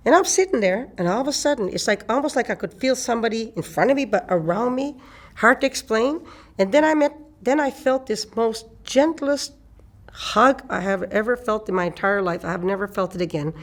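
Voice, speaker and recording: An older woman from eastern Canada, an elder telling a personal story in an unhurried way and repeating phrases for emphasis. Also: fairly high pitch.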